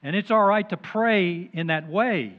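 An older pastor gives a sermon in a slightly high voice and a chatty manner, slipping in jokes at his own expense. The recording sounds dull and lo-fi. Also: unhurried. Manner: conversational, with joking asides.

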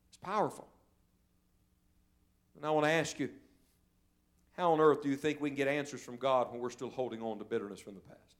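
A male evangelist preaching a sermon in a church service, telling stories and swinging from loud, urgent calls to quiet, hushed moments. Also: medium pitch, fairly even intonation, fairly quick, long pauses. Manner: storytelling preacher, swells loud then drops to a hush.

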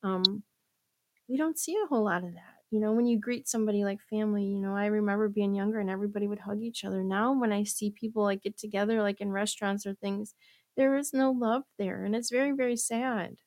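A woman's voice: medium pitch, steady tone, fast, no room sound. A woman in a casual podcast chat, speaking earnestly and leaning on "you know". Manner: earnest, faith-centered, many "you know"s.

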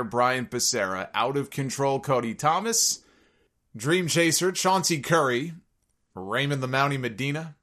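Male podcast host, mid-pitch, casual and jokey, rattles through name lists and ad reads. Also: bright, forceful tone. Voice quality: sometimes gravelly low notes. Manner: jokey wrestling-fan banter, rattles off listener names.

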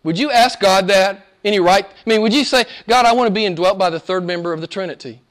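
Brief: male pastor, high voice, impassioned sermon delivery, drops soft then builds loud, repeats phrases for emphasis. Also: quick pace.

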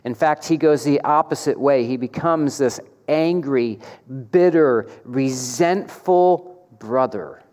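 A man preaching a sermon, asking the congregation rhetorical questions and pressing his points with animated emphasis. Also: mid-range voice, slow, hardly any pauses. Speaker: pastor. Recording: long hall reverb.

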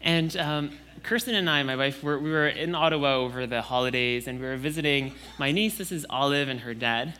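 A young man preaching a Sunday sermon in a relaxed, conversational way, with casual fillers and restarts. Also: medium pitch, brisk, hardly any pauses, smooth, faint music behind.

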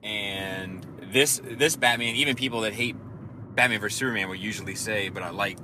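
A man's voice: fairly low pitch, normal speed, background noise. Rambling, profane man chatting in a car. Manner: rambling, profane, self-deprecating. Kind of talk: casual chat.

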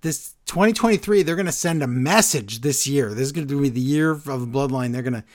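A man co-hosts a casual talk show, briskly and animatedly recapping wrestling events. He acts out the quotes he retells, shifting his pitch and loudness.

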